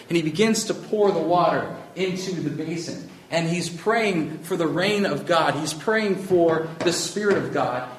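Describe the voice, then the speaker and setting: A man's voice: medium pitch, slight background noise. Earnest male Bible teacher, echoey room. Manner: earnest, emphatic, quoting scripture aloud. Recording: echoey room with faint ambience.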